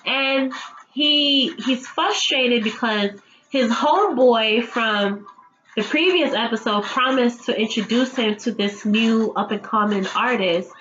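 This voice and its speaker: A woman's voice: on the high side, slow, a bit bright, muffled recording, slight background noise. A woman giving a casual, chatty recap of a TV episode, swearing freely and laughing often. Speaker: TV episode reviewer.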